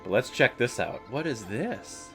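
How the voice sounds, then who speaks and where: A man's voice: mid-range voice, sing-song, measured pace, gravelly, music in the background. A man hosting a comedic movie watch-along, making irreverent jokes and swearing. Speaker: host.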